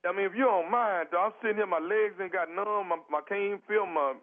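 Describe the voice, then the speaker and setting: A man puts on a pushy, pleading fellow stuck numb on a toilet and stretching every word in slang. His voice sits high for a man. It comes through a tinny phone line, as on a prank call. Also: natural voice. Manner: insistent, pleading, drawn-out slang. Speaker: prank caller.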